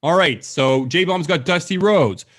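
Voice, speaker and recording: A man's voice: a little high, a little slow, fairly bright tone. Canadian man hosting a trivia quiz. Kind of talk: casual profane banter, reading questions slowly.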